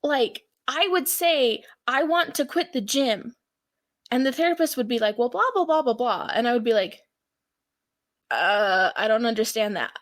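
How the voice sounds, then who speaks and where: Female podcast co-host, fairly high voice, chatty storyteller who acts out quotes. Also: lively intonation, a little slow, a bit bright. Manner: chatty, retells scenes acting out quotes. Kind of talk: casual chat.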